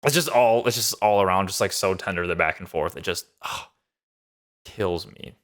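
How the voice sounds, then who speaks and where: A man's voice: low-pitched, moderate pace, fairly bright tone. A man casually recapping and reviewing a TV episode, upbeat and rambling with lots of fillers. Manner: enthusiastic, loose with many fillers. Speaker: show reviewer.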